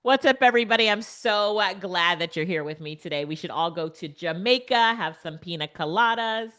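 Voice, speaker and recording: Brief: middle-aged woman instructor, low-ish voice, upbeat and chatty, live webinar on a computer mic. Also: lively intonation, fairly quick, fairly bright tone. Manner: upbeat, laughs often, chatty asides to the viewers. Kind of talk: live online teaching demo. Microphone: computer mic on a video call.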